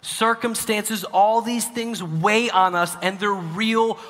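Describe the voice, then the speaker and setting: A male pastor preaching a sermon, dropping to hushed, near-whispered lines and then rising to loud, emphatic preaching. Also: sits high, steady tone, slow, big-room sound.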